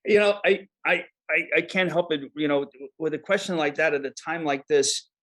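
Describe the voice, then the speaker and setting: A man with a New York accent, answering as a guest expert in an interview, halting with many fillers and repeated words. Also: fairly high pitch, a bit bright, low-quality recording. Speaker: guest expert on disaster preparedness.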